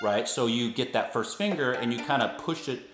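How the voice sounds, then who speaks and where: A man teaching violin, patiently explaining fingerings and bowing and counting beats out loud. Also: medium pitch, moderate pace, loud music behind the voice. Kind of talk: instructional explanation. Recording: echoey room with loud violin playing.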